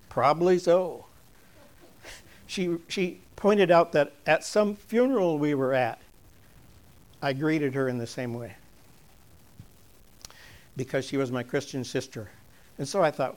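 Folksy older man telling a church story. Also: on the high side. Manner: chatty and storytelling, chuckling often, drifting soft and slow when earnest. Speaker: church speaker giving an object lesson. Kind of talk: folksy object-lesson talk to a congregation.

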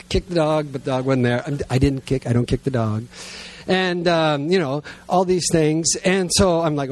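A man's voice: fairly high pitch, moderate pace. Middle-aged male pastor telling a story. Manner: lively, self-mocking storyteller who turns quiet and earnest in prayer. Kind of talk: sermon storytelling and prayer. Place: church gathering with listeners present.

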